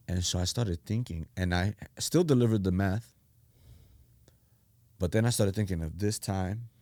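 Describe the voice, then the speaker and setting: A middle-aged man, a pastor, telling his life story in animated casual talk and acting out the voices he quotes. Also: deep voice, normal speed, pauses often, no room sound. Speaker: pastor, podcast guest.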